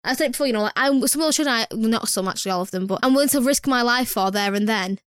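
A woman's voice: on the high side, fast talker, clean tone, dry recording, studio quality. A young woman, an emotional nursery worker chatting casually with lots of fillers. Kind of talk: casual chat.

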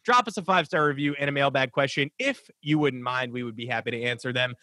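A man's voice: medium pitch, quick pace, pushed and bright, no echo. A man hosting a sports podcast, chatting casually in a rambling, opinionated way that interrupts itself. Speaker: podcast host.

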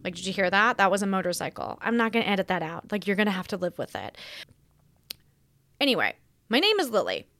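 A woman's voice: medium pitch, very animated, quick pace, pauses often, a bit bright, no room sound. A woman from Australia with an accent that drifts between Australian and American, hosting a rambling, dramatic, self-mocking podcast monologue from home. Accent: Australian mixed with American. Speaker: podcast host. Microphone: studio microphone.

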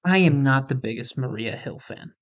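A man in casual podcast talk, at an ordinary middle pitch for a man. He is easygoing, with plenty of filler words, and acts out his own reactions as little quotes. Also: animated, normal speed. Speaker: podcast co-host. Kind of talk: casual chat about movies and shows.

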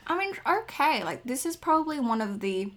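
A woman's voice: high-pitched, sing-song, normal speed. A young woman co-hosting a podcast, chatting casually with opinionated asides. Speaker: podcast co-host. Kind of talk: casual chat, figure skating commentary.

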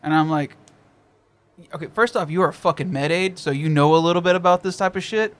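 A man co-hosting a casual podcast, ranting with lots of swearing and trailing off into low mutters. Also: a little fast.

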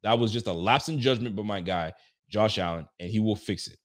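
A man doing casual reaction commentary as a sports fan, excitable and ranting, laughing often. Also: on the low side, brisk.

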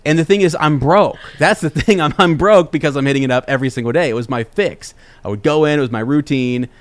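A young man hosting a podcast, telling a casual story in an animated, rambling way with many restarts. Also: fairly high pitch, fast talker, no echo. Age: young adult. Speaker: podcast host.

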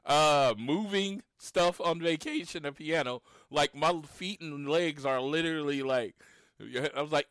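A man in his late thirties from Oklahoma, chatting casually as a podcast co-host and retelling his encounters with lively storytelling. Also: a little high, a little slow, clean tone, no echo, studio quality. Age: 30s. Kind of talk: casual chat.

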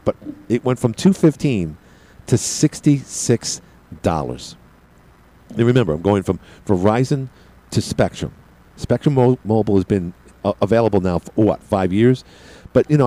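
Chatty Brooklyn-accented radio host. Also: male voice, lowish voice, dark tone, poor audio. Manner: chatty, digressive, self-deprecating. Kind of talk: rambling monologue.

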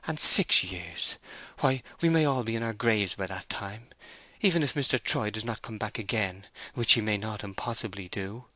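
A proud young woman farm owner, torn and anxious, her words tumbling out earnestly, as a male reader puts her on. The voice sits just above a man's own low register, bright and forceful, in a dry, close recording. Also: moderate pace, no echo. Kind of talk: audiobook character voice.

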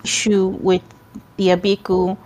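A woman's voice: medium pitch, monotone, a little slow, a little mellow, soft background music. A woman playing her character in a tabletop game, blunt and wry as she bargains. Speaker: player.

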